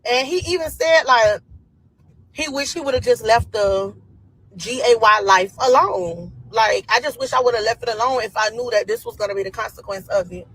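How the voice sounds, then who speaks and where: Husky woman retelling gossip. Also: fairly high pitch, moderate pace, a bit bright, dry recording, poor audio. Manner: gossipy, retells with quoted voices. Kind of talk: casual storytelling rant.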